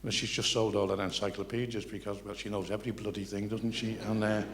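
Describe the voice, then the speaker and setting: A man's voice: fairly low pitch, level tone, fast, vocal fry, a little hiss or hum. An older man telling rambling stories to a live audience, chatty and full of restarts. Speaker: comedian. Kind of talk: live stand-up storytelling.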